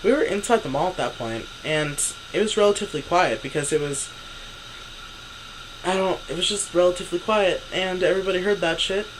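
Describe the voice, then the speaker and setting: A man's voice: high-pitched, fairly quick, slight background noise, rough recording. A young man vlogging an exasperated, profane story, acting out what others said. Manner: exasperated, swearing, acts out quotes. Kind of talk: ranting story to camera.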